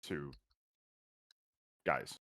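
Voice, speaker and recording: A man with a gravelly voice, a player chatting at a tabletop game with a dry, wry delivery. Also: very slow, sharp tone, no room sound. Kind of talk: casual chat at a gaming table.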